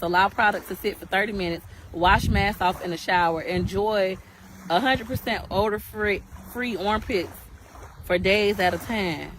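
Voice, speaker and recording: A woman's voice: mid-range voice, a bit bright, a little hiss or hum. A woman doing a product review video, blunt and brash, swearing freely.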